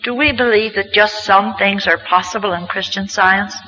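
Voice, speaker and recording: Church lecturer: male, high and very bright tone, earnest storyteller. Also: steady tone, moderate pace, faint music behind, low-quality recording. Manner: earnest storytelling with emphatic rises. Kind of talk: storytelling sermon talk.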